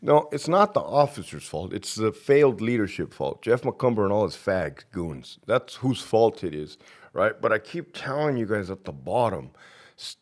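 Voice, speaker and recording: A man who is a former prison lieutenant hosting a vlog, ranting and rambling with profanity between long runs of viewer shout-outs. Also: fairly low pitch, sing-song, moderate pace.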